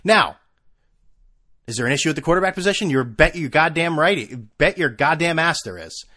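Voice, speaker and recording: A man's voice: on the high side, normal speed. Profane, sarcastic man ranting on a podcast. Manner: profane, sarcastic, animated swings from mutters to outbursts. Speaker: podcast host. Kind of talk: casual solo podcast rant. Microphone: desk microphone with camera.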